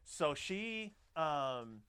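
A man's voice: fairly high pitch, sing-song, extremely slow, a bit bright, clean tone. A man telling a story in casual chat, acting out the lines of the people in it. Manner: conversational, acts out quoted lines.

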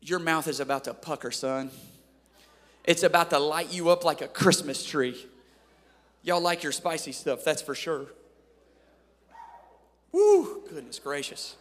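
Upbeat male preacher from Ohio, high-pitched, storytelling sermon with playful crowd asides, long hall reverb. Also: steady tone, moderate pace, fairly bright tone. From Ohio, USA. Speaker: preacher at a youth camp.

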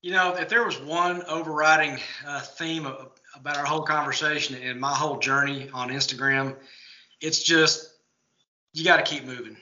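A man's voice: on the high side, steady tone, normal speed, pushed and bright, reverberant, highs cut off. Motivational man from Texas. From Texas, United States. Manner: earnest, motivational. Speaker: guest. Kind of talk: casual interview.

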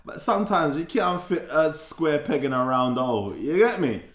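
A man's voice: a little high, expressive, normal speed, fairly bright tone. Joking man in an echoey room. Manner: joking, slangy, exaggerating. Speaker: podcast co-host. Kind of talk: casual banter.

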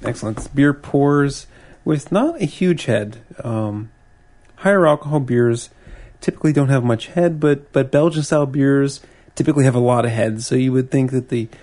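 A man co-hosting a podcast, chatting casually through a beer tasting in a relaxed, rambling way, often restarting his sentences. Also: medium pitch, vocal fry. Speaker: podcast co-host.

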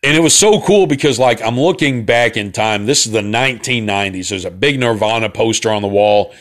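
A man in his forties with a thick central Alabama drawl hosts his own show, chatting in a loose, meandering way. His voice sits fairly low, and he talks folksy and unhurried, full of fillers and side tracks. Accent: Southern US, central Alabama. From Southern United States. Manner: laid-back, folksy, digressive with many fillers. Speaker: host of a talk broadcast. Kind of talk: casual rambling monologue.

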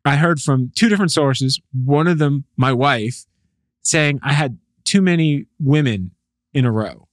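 A man hosting a podcast in casual chat, talking in quick, friendly bursts. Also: mid-range voice, no room sound, clean studio sound. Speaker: podcast host.

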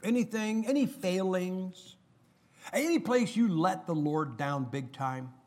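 A man's voice: sits high, expressive, takes it slowly, darkish tone. A middle-aged man preaching a sermon, chatting with the congregation and reading scripture aloud with rising emphasis.

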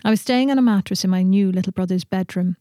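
A woman reading a literary short story aloud in a steady, measured way in a studio. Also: mid-range voice, dry recording.

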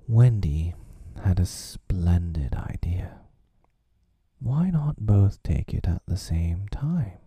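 A man narrates a classic children's story in a slow whispered role-play. His voice is low, very dark and husky, recorded close and dry. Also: animated, no room sound. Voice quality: whispered, gravelly.

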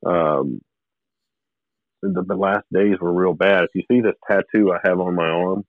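Speaking unhurriedly in a low voice, a guest relates his spiritual testimony, wandering through it with restarts and brief laughs. The audio is phone quality and has no echo.

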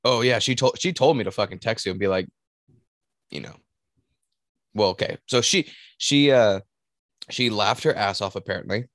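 A man's voice: fairly low pitch, a bit bright, dry recording, clean studio sound. A man co-hosting a podcast in casual banter, rambling and swearing with many restarts. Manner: rambling, profane, halting restarts. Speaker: podcast co-host.

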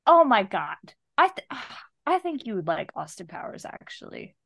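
A woman's voice: a little high, normal speed, gravelly, no room sound, studio quality. A woman co-hosting a podcast, chatting about a movie with emphatic exclamations. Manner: expressive, laughs easily, emphatic exclamations. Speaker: podcast co-host. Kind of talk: casual movie review chat.

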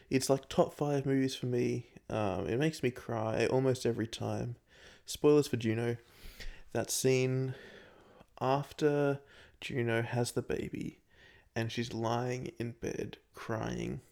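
Gravelly young man gushing on a podcast. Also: medium pitch, darkish tone. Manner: earnest, gushing about films. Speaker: podcast co-host. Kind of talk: casual podcast chat.

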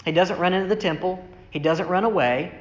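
A preacher talks through a scripture passage in a casual, questioning way, acting out each quoted voice. The sound is muffled and lo-fi, caught in a big echoey hall with a long, lingering reverb. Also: a little fast. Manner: conversational, asks rhetorical "right?" questions; acts out quoted speech with shifts in pitch. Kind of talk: sermon, reading scripture and explaining it.

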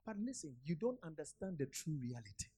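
A woman preaching a sermon, retelling a scripture story and urging her listeners with repeated calls and sudden shouts. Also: low-pitched, big pitch swings, brisk, breathy edge. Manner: repetitive, urgent exhortation with sudden shouts.

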